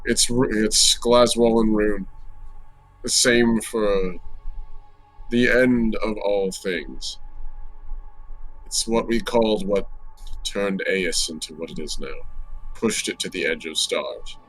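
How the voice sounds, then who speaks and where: A calm, learned stoneworker, played by a man in a tabletop game, speaks in a measured and quietly proud way. His voice is very low and deep. Faint music sits behind him. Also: no room sound, heavily acted, rough recording.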